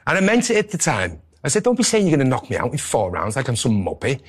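A middle-aged man, a former boxer telling animated anecdotes in a casual interview. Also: medium pitch, racing, breathy edge. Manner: animated anecdotes, quotes people in character voices.

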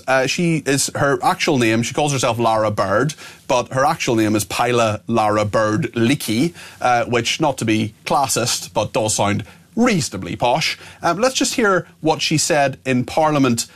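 A man with a Northern Irish accent hosting a radio phone-in, chatting in a wry, loose way with plenty of fillers. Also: medium pitch. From Northern Ireland. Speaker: radio talk show host. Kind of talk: live radio phone-in presenting.

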